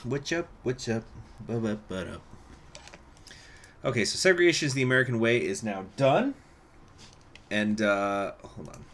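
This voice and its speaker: A man with a voice of ordinary pitch, chatting loosely as he plays a strategy game on a live stream. He laughs often and breaks off to answer viewers in the chat. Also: expressive, normal speed, fairly bright tone. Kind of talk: casual live-stream commentary.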